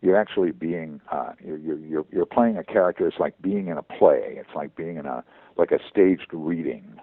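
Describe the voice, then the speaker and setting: A veteran voice actor talking in a phone interview, halting and repeating words as he goes. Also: extremely low pitch, no room sound. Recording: tinny phone line.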